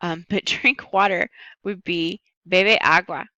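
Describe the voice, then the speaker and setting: A woman with a bright, clear voice walks students through a recorded lesson. She stays patient and upbeat and slows right down on the Spanish words. The sound is dry and close. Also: fairly low pitch, steady tone, dry recording, low-quality recording. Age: adult. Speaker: Spanish teacher.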